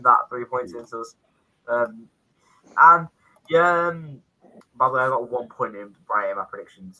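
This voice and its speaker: A man's voice: mid-range voice, pushed and bright, rough recording. A man on a football panel, rambling casually with cheeky banter.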